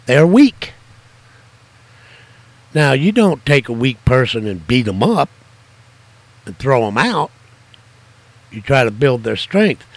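An older man preaching and telling stories from his ministry, emphatic, his voice jumping higher on stressed words. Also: very animated, slow, long pauses, dry recording. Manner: emphatic storytelling, voice jumps high for stress. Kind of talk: informal sermon-style teaching.

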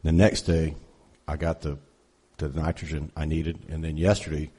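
A man sharing a relaxed, rambling story in an informal sermon at church. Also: a bass voice, normal speed, breathy edge. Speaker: church worship leader.

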